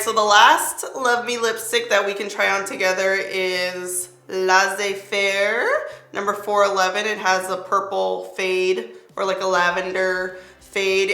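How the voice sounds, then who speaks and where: A woman's voice: medium pitch, bright, forceful tone. A young woman doing a chatty makeup tutorial, talking playfully through each step as she works. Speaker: beauty vlogger. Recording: roomy echo, faint music.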